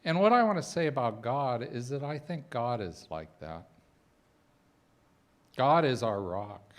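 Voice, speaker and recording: Animated middle-aged man giving a talk. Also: mid-range voice, measured pace. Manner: conversational storytelling with humorous asides. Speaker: spiritual speaker. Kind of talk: personal sermon talk.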